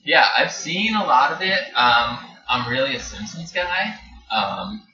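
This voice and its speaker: A man appearing as a podcast guest, relaxed and chuckling, with many filler words. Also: a little high, measured pace. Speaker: podcast guest, design business owner. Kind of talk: casual podcast chat. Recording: distant, roomy, dull, noisy podcast mic.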